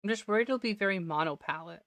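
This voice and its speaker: A woman's voice: mid-range voice, fast, a bit bright, no echo. A woman streamer giving casual gameplay commentary, talking to herself and laughing often, her voice slightly worn. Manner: chatty self-talk, laughs often.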